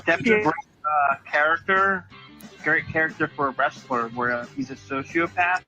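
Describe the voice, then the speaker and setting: A man with a slightly high voice telling a comic bit, voicing flat deadpan lines for his characters. Music runs clearly underneath. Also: moderate pace, muffled recording. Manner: storytelling, acts out deadpan quotes. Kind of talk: casual comedy chat.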